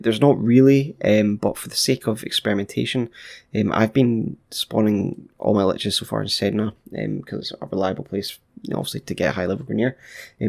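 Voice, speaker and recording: A man's voice: on the low side, creaky, darkish tone. A man casually commenting on his gameplay as a gaming YouTuber, chatty and laid-back with playful asides.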